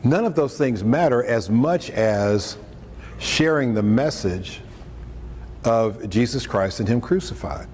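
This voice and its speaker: Man preacher, mid-pitch, casual joking delivery; recorded in a reverberant hall with faint ambience. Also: animated, slow pace, darkish tone. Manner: conversational, joking asides, acts out quotes. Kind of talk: lunchtime talk on scripture. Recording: echoey hall, faint room noise, mic at a distance.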